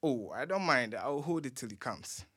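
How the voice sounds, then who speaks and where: A man's voice: medium pitch, animated, normal speed, a bit bright, slightly rough. An actor playing an eager young man, chatty and fawning.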